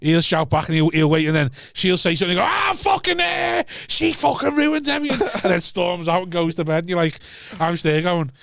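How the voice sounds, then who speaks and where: Man, fast, swearing, storytelling, dry close sound. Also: a little high, little pitch movement, smooth, no room sound. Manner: swearing storyteller, mimics his shouting dad. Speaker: podcast host. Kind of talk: casual chat.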